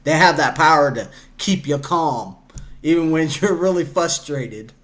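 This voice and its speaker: A young man with a slightly high, expressive, fairly bright voice hosts a reaction video, speaking a little slowly. He talks casually and chattily, laughs often, and acts out quoted voices.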